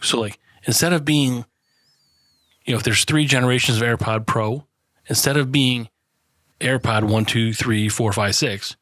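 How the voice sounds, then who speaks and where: A man's voice: medium pitch, moderate pace, a bit bright, no echo. A man co-hosting a casual podcast, swearing a lot, laughing often and rambling through stories. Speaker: podcast co-host. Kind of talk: casual banter.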